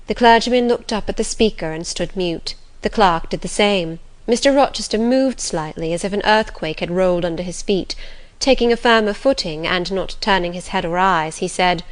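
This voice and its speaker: A woman narrating a classic novel aloud in a calm, measured, gentle voice. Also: medium pitch. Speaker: audiobook narrator.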